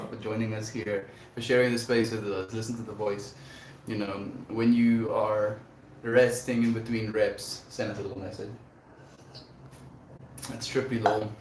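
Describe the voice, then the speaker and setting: The recording, made in an echoey room with a little hiss or hum, features a medium-pitched male livestream host. He's laid-back and affectionate, casually chatting and reading out messages from viewers.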